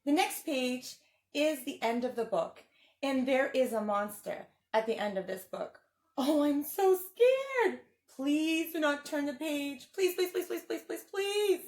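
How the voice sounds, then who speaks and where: A woman's voice: high-pitched, unhurried, roomy sound, pitched above the performer's own voice. A woman reading a picture book aloud and voicing a furry, anxious monster who pleads and frets. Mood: pleading. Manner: frantic, pleading, excitable.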